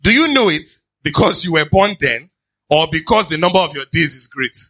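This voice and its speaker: A pastor preaches with a bright, slightly husky voice pitched a little high. He reads scripture aloud, then bursts into animated asides to his congregation. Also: brisk. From Nigeria. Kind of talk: sermon.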